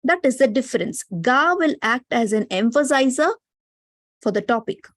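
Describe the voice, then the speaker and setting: Woman, Indian English accent, language teacher, higher voice, dry sound, explanatory. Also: expressive, normal speed, no room sound. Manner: explanatory, often tags sentences with "no?" and "right?". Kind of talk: online class lecture. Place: online class.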